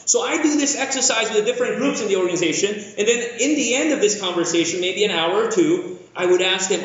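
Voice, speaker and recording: A man from the Philippines giving an energetic, jokey conference keynote, often asking the audience questions. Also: high-pitched. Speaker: keynote speaker. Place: large conference hall. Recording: echoey hall, dull lo-fi sound.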